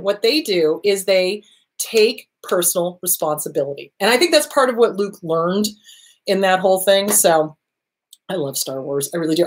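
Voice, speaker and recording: Animated woman host giving therapy advice. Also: on the low side. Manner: animated, acts out inner voices and quotes. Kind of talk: casual advice talk.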